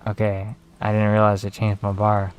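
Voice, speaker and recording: A man giving casual, relaxed commentary while playing a game, tired and talking to himself with some swearing. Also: on the low side, normal speed, clear, resonant tone, faint music behind. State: tired, yawning. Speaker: gaming video creator.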